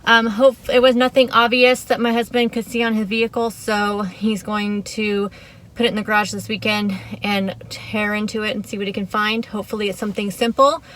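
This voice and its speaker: A woman's voice: mid-range voice, little pitch movement, a little fast, a bit bright. A woman talking casually to her camera in a vlog, chatty and rambling, with fillers and restarts. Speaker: vlogger.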